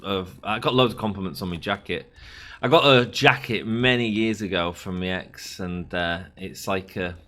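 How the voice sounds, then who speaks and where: A man's voice: sits low, bright, forceful tone. Chatty man rambling over gameplay. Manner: rambling, chatty, oversharing anecdotes. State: sick. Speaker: gaming channel host. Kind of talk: casual let's play commentary.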